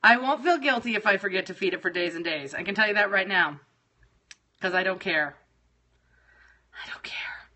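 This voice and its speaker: Bright-voiced profane woman livestreaming. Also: mid-range voice, fairly quick. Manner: exasperated, profane, scattered. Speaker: livestream host. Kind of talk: casual livestream chat with viewers.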